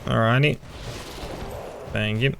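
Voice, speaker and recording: A man's voice: medium pitch, steady tone, slow, creaky, noisy background. A young man chatting casually with friends while playing a video game, joking, teasing and swearing freely. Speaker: gamer streaming with friends. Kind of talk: casual gameplay chat.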